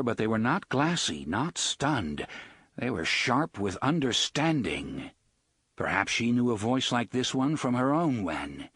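A man giving an expressive, dramatic audiobook narration on a close studio mic. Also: mid-range voice, breathy edge, no echo.

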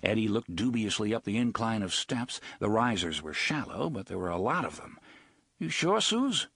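Husky low-voiced male audiobook narrator. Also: animated, brisk, fairly bright tone, dry recording.

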